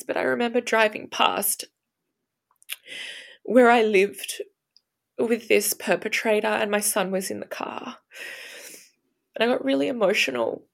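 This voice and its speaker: Brief: woman in her thirties, slow gravelly delivery, candid podcast guest, emotional and halting. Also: a little high. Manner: candid, swearing, halting with repeats. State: emotional, voice rising and shaky. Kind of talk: emotional personal interview.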